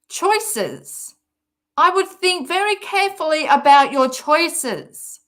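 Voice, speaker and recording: A woman's voice: high voice, big pitch swings, extremely slow, pauses often, a bit bright. An Australian woman hosting a commentary channel, reacting to a clip in a sarcastic, mocking way and swearing often.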